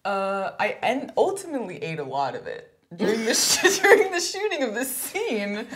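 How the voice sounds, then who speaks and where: A woman's voice: on the high side, big pitch swings, moderate pace, a bit bright. A woman, a cast member, chatting casually about shooting a show and laughing at herself. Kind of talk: casual chat.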